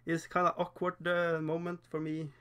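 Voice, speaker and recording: A man with a Norwegian accent who speaks English as a second language, hosting a casual livestream while painting miniatures, chatty and self-deprecating, laughing often and pausing on fillers. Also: a little high, monotone, fairly bright tone, clean tone. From Norway.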